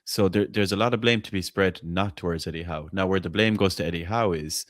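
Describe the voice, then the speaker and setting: Deep-voiced, blunt man. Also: brisk, no echo, studio quality. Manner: blunt, opinionated, swears freely, stumbles and repeats words. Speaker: podcast host. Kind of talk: casual football fan chat.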